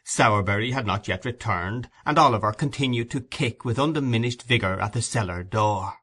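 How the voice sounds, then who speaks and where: A man narrating a classic novel as an audiobook in a measured storytelling manner. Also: fairly low pitch, pushed and bright, breathy edge.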